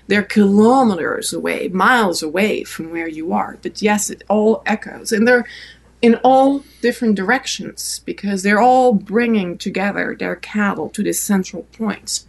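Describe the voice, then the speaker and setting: French woman telling a story, gravelly. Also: medium pitch, a little slow. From France. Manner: animated storyteller, many fillers and restarts. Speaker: podcast guest. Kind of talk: storytelling in an interview.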